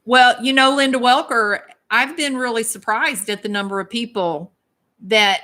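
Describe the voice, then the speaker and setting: This YouTube host, a woman from the American South with a Southern accent, reads her live chat during a casual stream and talks straight to commenters by name with indignant emphasis. Her voice is fairly high, pushed and bright, at normal speed.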